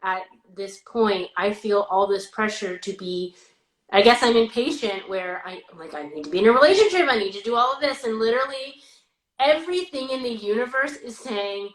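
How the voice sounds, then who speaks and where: A woman's voice: fairly high pitch, moderate pace, echoey room, rough recording. A woman in her thirties hosting a podcast, talking candidly and animatedly in casual chat. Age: 30s. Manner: candid, animated, rambling with restarts. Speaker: podcast host.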